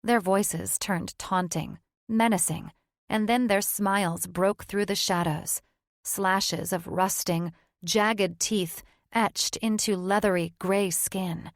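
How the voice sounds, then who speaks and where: A woman reading a fantasy audiobook in scripted narration, measured and even. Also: medium pitch, no echo, clean studio sound.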